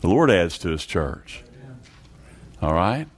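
A man's voice: low voice, big pitch swings, takes it slowly. Man preaching in emphatic, rising bursts. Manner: repeats words while searching for phrasing. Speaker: pastor. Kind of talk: sermon.

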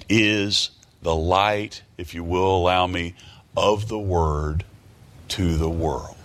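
A man's voice: lowish voice, fairly bright tone. A man preaching a sermon who reads scripture aloud, repeats his phrases and keeps asking rhetorical questions. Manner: reads scripture aloud in King James wording.

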